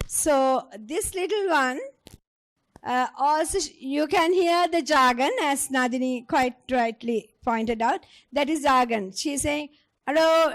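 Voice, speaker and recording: Slow high-voiced woman lecturing. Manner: slow, explanatory, asks the audience questions. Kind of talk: clinical teaching lecture.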